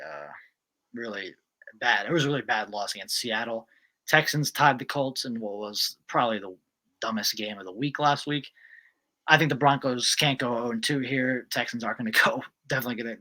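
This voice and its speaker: A man with a bright, forceful tone co-hosts a relaxed football picks chat. He is brisk and decisive as he runs down the list of games. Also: medium pitch. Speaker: co-host. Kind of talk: casual sports picks chat.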